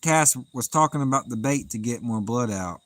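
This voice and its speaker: The audio here is low quality but has no echo: a man with a mid-range voice and normal speed, speaking in a relaxed Southern drawl. He hosts a live fishing stream outdoors after dark, reading viewers' comments, chatting casually and laughing often.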